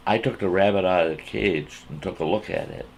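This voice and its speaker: A man telling a folksy campfire story in an animated way, repeating himself as he builds the scene. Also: sits low, gravelly, slight background noise. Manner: drawn-out, repetitive, animated retelling.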